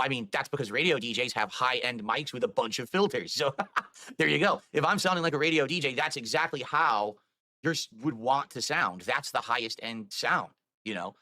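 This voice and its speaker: A man's voice: medium pitch, bright, forceful tone, no room sound. A man streamer talking on a live stream, explaining himself at length in a rambling, defensive way. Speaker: video game streamer.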